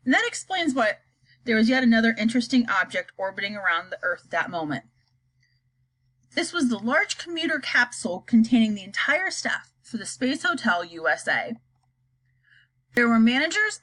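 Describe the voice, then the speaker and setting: Woman reading a kids book out loud, bouncy pitch, a bit husky. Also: moderate pace, poor audio. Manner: lively, expressive reading with occasional slips. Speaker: narrator. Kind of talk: storybook read-aloud.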